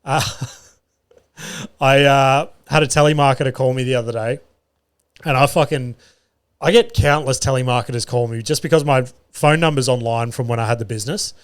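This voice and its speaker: A man's voice: mid-range voice, normal speed, long pauses, clear, resonant tone. Australian male comic, solo podcast host, casual storyteller with a foul mouth and a self-deprecating streak. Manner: chatty, swears freely, self-mocking. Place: podcast studio.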